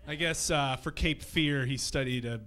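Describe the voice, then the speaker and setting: Bright-voiced man doing stand-up. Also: medium pitch, normal speed. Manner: loose, profane, rambling storytelling. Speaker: stand-up comedian. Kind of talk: live stand-up set. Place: comedy club stage.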